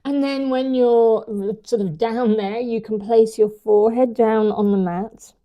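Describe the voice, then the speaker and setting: A woman teaching a yoga class, guiding the poses and breathing slowly and gently. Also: on the high side, steady tone, lo-fi sound. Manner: slow, gentle and soothing. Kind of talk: guided yoga instruction.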